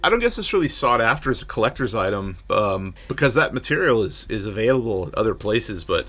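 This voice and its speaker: A man co-hosting a podcast in casual chat, animated, swearing a lot and laughing easily. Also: fairly low pitch, brisk. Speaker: podcast co-host.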